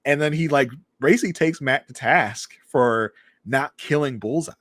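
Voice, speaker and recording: A man co-hosting a podcast from his basement, chatting casually about a TV episode and acting out scenes in quick voices. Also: mid-range voice, fairly bright tone, dry recording. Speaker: podcast co-host. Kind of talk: casual TV recap chat. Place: home basement.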